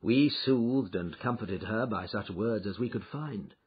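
A man giving an expressive, dramatic reading of a classic detective story, in a dull lo-fi recording. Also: on the low side, moderate pace, hardly any pauses, breathy edge. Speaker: audiobook narrator. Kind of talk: scripted narration of a classic story.

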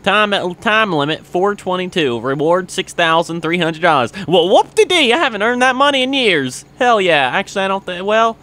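A man's voice: big pitch swings, fast, hardly any pauses. A man putting on an exaggerated regional accent he used to speak with, reading out game text in a hammy way. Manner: raised pitch, loud, hammy reading.

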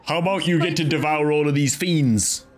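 A man's voice: a little high, normal speed, faint music behind. A man reacting to a game cutscene and fight with casual, profane, joking commentary. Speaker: game streamer.

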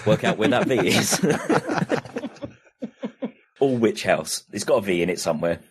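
A man's voice: on the low side, very animated, measured pace, breathy edge. A man co-hosting a casual podcast, joking and teasing his friends. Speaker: podcast co-host. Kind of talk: casual chat.

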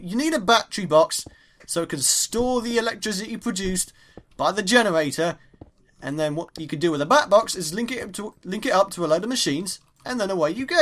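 Young english guy doing a let's play, chatty and jumpy, gasps at every new ore. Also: high-pitched. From England. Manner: excitable, chatty, exclaims at each find. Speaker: gaming YouTuber.

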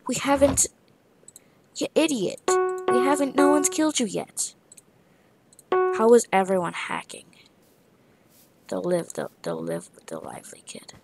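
A woman's voice: mid-range voice, lively intonation, measured pace, vocal fry, long pauses, over music. A tired woman giving casual commentary on her own gameplay, rambling and tossing out playful trash talk with muttered asides.

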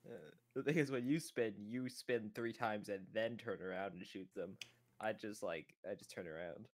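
Brief: low-pitched man, soft-spoken podcast guest who adds short comments. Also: normal speed.

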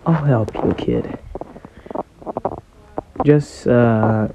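A man's voice: medium pitch, extremely slow, gravelly, background noise. A man voicing a cheerful, carefree young male pirate captain in a fan-made story, speaking in an easygoing, offhand way.

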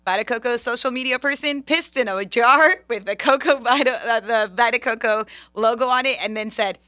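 A woman's voice: fairly high pitch, a little fast, bright, forceful tone, no room sound, studio quality. A young woman co-hosting a radio show, telling stories in a chatty, giggly way. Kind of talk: casual chat.

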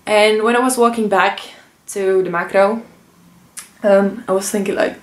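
Young woman vlogger, heartfelt and halting, mid-range pitch, echoey room. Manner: emotional, earnest, many fillers and restarts. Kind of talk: personal vlog storytelling. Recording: roomy echo.

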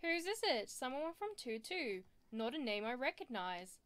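A woman's voice: high voice, very animated, normal speed, a bit bright, no room sound. A woman chatting casually while playing a game with a friend, giggling and reading the game's lines aloud in playful voices. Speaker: let's play co-host. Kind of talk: casual gameplay chat, reading dialogue aloud.

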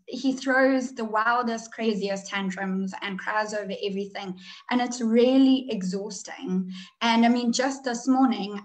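A woman and mother on a panel, speaking candidly and a little haltingly in casual chat. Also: a little high, low-quality recording. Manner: candid, halting, self-reflective.

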